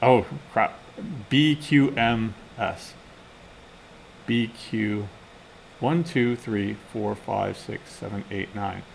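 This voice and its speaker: Speaking extremely slowly with vocal fry and long pauses, a male instructor talks a class through live coding. His pitch is fairly low, he mutters casually to himself while typing, and there's slight background noise.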